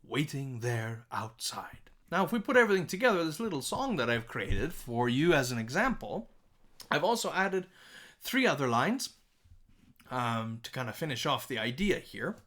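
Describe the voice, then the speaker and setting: A man's voice: a little high, very animated, moderate pace, a bit bright. A man teaching a recorded music composition lesson, talking in a friendly, chatty way with fillers.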